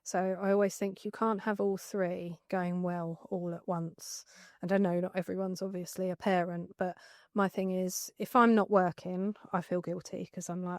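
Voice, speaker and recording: A woman's voice: on the low side, level tone, normal speed, darkish tone, no echo, studio quality. A woman hosting a business podcast, asking chatty, rambling questions with restarts and personal asides. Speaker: podcast host. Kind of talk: conversational interview.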